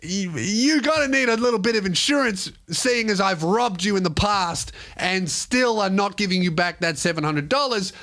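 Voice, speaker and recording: A man's voice: high-pitched, expressive, moderate pace, few pauses, fairly bright tone. A young Australian man, a comedian and podcast host, telling an exasperated, profane story as a comic rant. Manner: exasperated, profane, mock-polite quoting.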